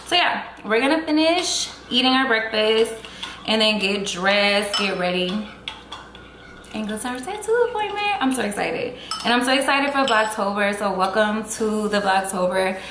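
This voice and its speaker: A woman's voice: medium pitch, moderate pace, fairly bright tone. A woman talking casually to her viewers in a vlog, chatty and nervous. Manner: chatty, talks to viewers as y'all. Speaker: vlogger. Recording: echoey room with faint noise.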